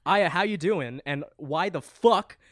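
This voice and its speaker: Male podcast host, slightly high voice, dry close sound, swears freely and jokes around. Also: unhurried, fairly bright tone, no room sound. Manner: loose, profane, jokey banter. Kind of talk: casual chat.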